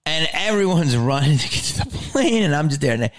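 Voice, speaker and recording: A man telling a story in a casual, animated way, with frequent swearing and filler words. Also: a little high, fairly quick.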